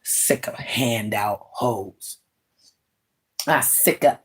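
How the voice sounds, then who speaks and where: Woman in her forties, livestream rant, slow drawl, swooping pitch, blunt and scornful. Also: lively intonation, slightly rough. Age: 40s. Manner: blunt, scornful, mocking voices, laughing asides. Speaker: livestream host.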